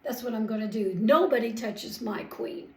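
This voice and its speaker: A woman voicing a doting king who is easily delighted and quick to rage, speaking in an impassioned, exclaiming way. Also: sits high, expressive, a little mellow, roomy sound, pitched above the performer's own voice. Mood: furious.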